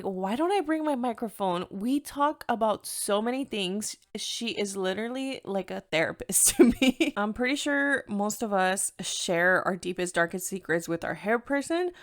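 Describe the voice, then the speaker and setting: A woman's voice: mid-range voice, moderate pace. A young woman with a Mexican-American accent chats through her solo podcast, candid and easygoing. She drops Spanish into her English as it comes to her and laughs often along the way. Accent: Mexican-American English with Spanish code-switching. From United States, Mexican-American. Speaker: podcast host. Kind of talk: casual solo podcast chat.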